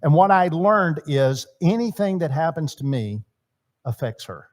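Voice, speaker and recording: Man, middle-aged, slightly high voice, chatty church seminar teaching. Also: big pitch swings, measured pace. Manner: conversational, acts out quoted dialogue, repeats words. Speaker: marriage seminar speaker.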